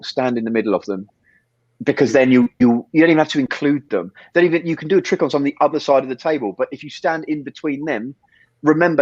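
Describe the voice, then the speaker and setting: A man chatting as a podcast guest, his words tumbling out fast with fillers and restarts. His voice sits at an ordinary middle pitch. The recording is dry and slightly dull. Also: dry recording. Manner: quick, rambling storytelling with many fillers and restarts. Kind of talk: casual interview chat.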